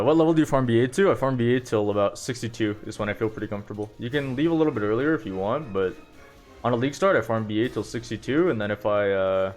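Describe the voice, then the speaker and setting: A young man streaming, rambling casually through stories with lots of fillers and self-deprecating asides. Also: medium pitch. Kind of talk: casual storytelling on a live stream.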